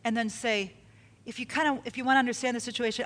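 A woman preaching a sermon, expressive, acting out the quotes she tells and dropping her voice low for emphasis. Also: quick pace. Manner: expressive, acts out quotes with dramatic drops in volume.

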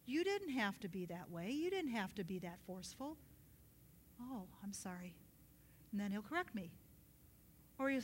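A woman with a high voice preaching a sermon. She is earnest and animated, and at times she drops into a soft whisper as she prays.

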